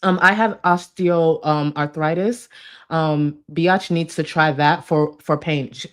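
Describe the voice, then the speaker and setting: A woman with a low, deep voice talks through clips in reaction commentary. She is blunt and profane, and exasperation runs through her delivery. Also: steady tone, measured pace.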